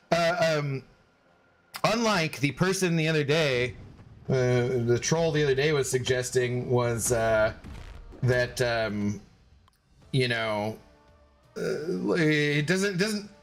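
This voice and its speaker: A man streaming a video game, chatting casually with viewers in a halting, rambling way with many restarts. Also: mid-range voice. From Washington State, United States. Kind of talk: casual gaming stream chat.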